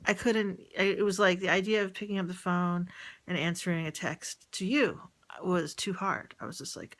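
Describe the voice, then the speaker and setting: A woman rambling and venting in a personal audio diary, often halting and trailing off mid-thought. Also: fairly low pitch, steady tone, fairly bright tone. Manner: venting about a relative.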